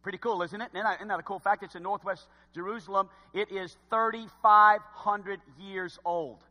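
A man preaching a sermon and retelling a scripture story, swinging from loud bursts to hushed asides. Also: sits high, fairly even intonation, moderate pace, long reverb tail.

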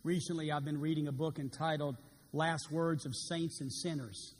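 High-voiced preacher in a reverberant hall. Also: male voice, fairly even intonation, normal speed, a little hiss or hum. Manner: dramatic, reads quotes with rising intensity. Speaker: pastor. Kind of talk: sermon. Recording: long reverb of a large hall.

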